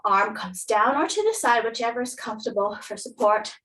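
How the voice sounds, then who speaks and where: A woman's voice: fairly high pitch, lively intonation, brisk, a bit bright, distant mic, low-quality recording. Breathless woman leading a workout. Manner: encouraging, counts reps aloud. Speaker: fitness instructor. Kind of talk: guided workout instruction.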